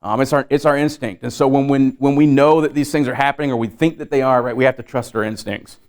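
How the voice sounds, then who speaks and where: A man's voice: mid-range voice, steady tone, fast. A man giving a live safety training to a room of trainees, talking in a loose, conversational way full of fillers and repeated words.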